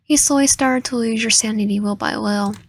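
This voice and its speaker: A woman's voice: on the high side, fast, no room sound. A young woman reading a dating sim aloud, often stumbling over words and correcting herself. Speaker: gaming channel host.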